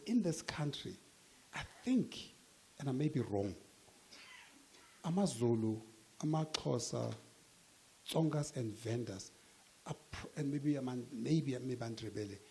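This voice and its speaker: A man's voice: mid-range voice, warm tone, a little hiss or hum. A man from South Africa talking casually to an audience, joking and dropping in local-language phrases. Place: event hall with audience.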